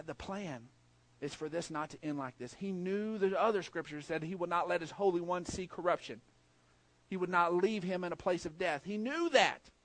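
A middle-aged male preacher giving a sermon, telling stories with energy, swinging from loud emphasis to hushed, low passages.

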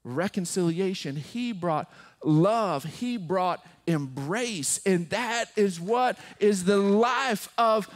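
Man preaching with soaring high peaks. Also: lively intonation, slow pace. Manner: storytelling preacher, rising to high emphatic peaks. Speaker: pastor. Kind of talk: sermon.

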